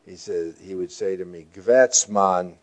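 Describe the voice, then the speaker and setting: An older man, a journalist, answering interview questions in a reflective, halting way with frequent pauses and restarts. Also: sits low, mellow.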